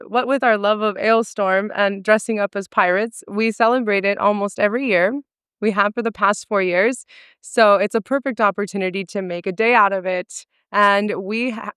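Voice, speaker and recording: A woman's voice: mid-range voice, fairly bright tone, clean tone, no echo, clean studio sound. Giggly woman co-hosting a podcast. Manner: giggly, upbeat, laughs often. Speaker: event host and co-organizer. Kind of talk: casual chat.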